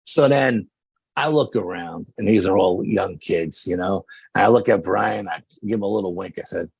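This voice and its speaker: Gravelly-voiced man spinning a story. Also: sits low, normal speed, no room sound. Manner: lively anecdotal storyteller with slangy fillers. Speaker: podcast guest, paranormal investigator. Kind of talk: casual storytelling chat.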